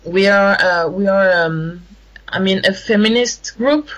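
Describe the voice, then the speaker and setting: A woman with a French accent, a guest in a radio interview, speaking haltingly and searching for words in English. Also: medium pitch, a bit bright, lo-fi sound. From France. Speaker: guest, activist.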